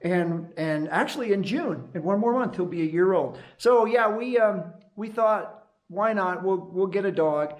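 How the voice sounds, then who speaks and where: Chatty middle-aged man, slightly high voice. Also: unhurried. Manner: chatty and rambling, laughs often. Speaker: vlogger and night guard. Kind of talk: casual chat vlog. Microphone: action camera.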